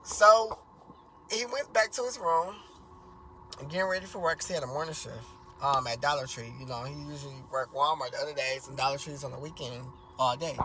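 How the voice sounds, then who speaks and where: A man's voice: steady tone, fairly quick, a little hiss or hum, poor audio. A man telling a family story in a rambling, casual way, full of fillers and restarts, with crude language. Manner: acts out quoted voices louder and higher.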